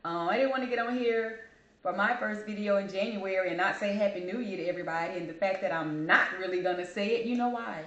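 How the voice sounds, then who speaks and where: A woman's voice: mid-range voice, quick pace, a bit bright, lo-fi sound. Grieving woman vlogging in an echoey room. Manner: candid and heartfelt, addresses viewers as y'all. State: grieving, holding back tears. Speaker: channel host. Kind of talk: personal vlog talking to camera.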